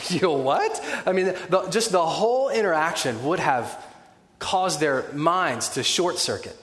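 A man preaching a sermon in a conversational, animated way, with wry humorous asides. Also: fairly high pitch, takes it slowly. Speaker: pastor. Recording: echoey hall with long reverb.

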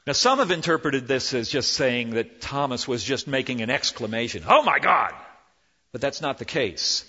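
A man preaching a sermon as pastor, animated, swinging between loud emphasis and hushed, slow lines. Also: medium pitch. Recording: dull lo-fi with long hall reverb.

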